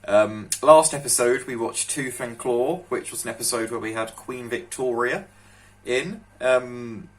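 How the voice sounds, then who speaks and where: A man's voice: mid-range voice, a little slow. A man hosting a reaction video, chatting casually and rambling with fillers and restarts as he watches a TV episode.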